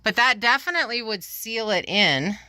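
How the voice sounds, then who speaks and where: A woman's voice: fairly high pitch, animated, moderate pace, sharp tone, no echo. A woman vlogging casually from her homestead, chatting to the camera about small projects. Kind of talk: casual vlog chat. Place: tiny home and yard on a rural homestead.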